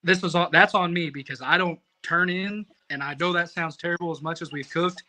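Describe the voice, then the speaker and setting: A man telling a rambling, profane story in casual podcast talk, animated and self-mocking. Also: on the high side, brisk, rough recording. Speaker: competition barbecue cook, podcast guest.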